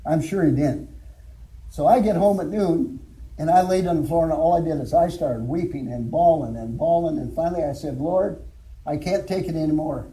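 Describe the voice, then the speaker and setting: A man's voice: fairly high pitch, moderate pace, warm tone, low-quality recording. An older man, a former alcohol counselor, telling his testimony and preaching in a folksy storytelling way with chuckles. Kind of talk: church testimony and sermon.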